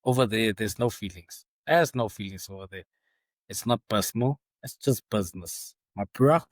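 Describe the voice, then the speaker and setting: A man's voice: fairly low pitch, normal speed, no echo. A man hosting a football podcast in a casual monologue, chatty and exasperated, stumbling over names.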